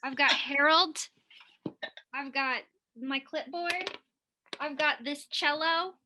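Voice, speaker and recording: A woman's voice: high voice, takes it slowly, noisy background. A woman in a casual group chat about a kids' music program, talking in a playful, joking way.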